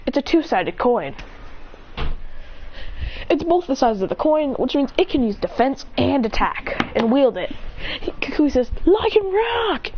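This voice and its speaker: A woman eagerly retelling a battle story in rambling casual narration, chaining events together. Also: a little high. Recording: dull, lo-fi home recording with faint noise.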